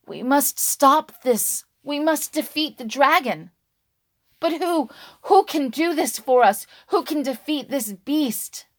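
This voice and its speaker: A woman's voice: high-pitched, animated, slow, no room sound, clean studio sound, voice pushed up. A woman voicing frightened villagers who cry out for help in a told story. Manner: pleading, raised. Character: frightened villagers crying out together.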